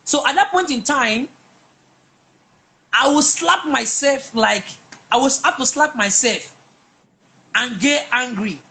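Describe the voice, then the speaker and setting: A woman's voice: high voice, lively intonation, slow, pauses often, bright, forceful tone. A woman, a guest telling her personal story emphatically, often repeating words and restarting. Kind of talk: personal testimony in a conversation.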